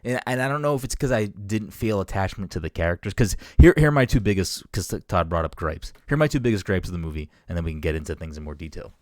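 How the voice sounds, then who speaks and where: Opinionated low-voiced man, dry sound. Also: expressive, quick pace, hardly any pauses, darkish tone, dry recording. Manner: swears freely, emphatic and opinionated. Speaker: podcast co-host. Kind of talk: casual chat.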